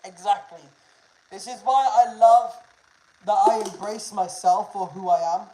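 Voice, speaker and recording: A woman's voice: medium pitch, measured pace, dark tone. A woman chatting casually with viewers on a live stream, bantering loosely, swearing and laughing. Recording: roomy echo.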